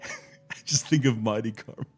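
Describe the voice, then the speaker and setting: A man's voice: on the low side, moderate pace, over music. A man co-hosting a car podcast, chatting casually and jokingly. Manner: jokey, drifts into voices and accents. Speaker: podcast co-host. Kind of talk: casual chat.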